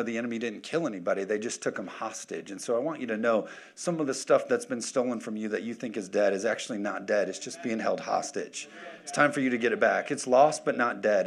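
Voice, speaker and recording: A man in his thirties preaching a sermon as pastor, energetic and full of joking asides. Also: mid-range voice, creaky.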